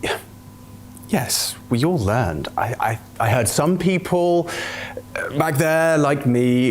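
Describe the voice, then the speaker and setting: A man's voice: a little high, animated, slow, slight background noise. A man hosting a comedy sketch in a hesitant, flustered way. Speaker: host.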